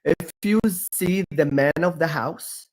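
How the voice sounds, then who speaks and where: A man's voice: on the high side, takes it slowly. A man from Iraq with an Iraqi accent, a guest on a livestream, telling stories emphatically and repeating himself as he restarts phrases. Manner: repetitive, emphatic storytelling with frequent restarts. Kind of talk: casual debate-stream chat.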